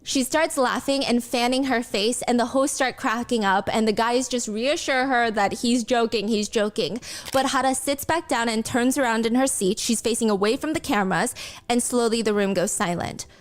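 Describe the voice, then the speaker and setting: A woman with a somewhat high voice narrates a commentary recap of a television clip. She talks in an earnest, sympathetic way, pausing to explain cultural customs to her audience. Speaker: reaction channel host.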